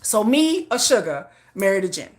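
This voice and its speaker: A woman host telling a candid personal story on a livestream in a blunt, animated way, laughing often and cursing. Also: medium pitch, moderate pace.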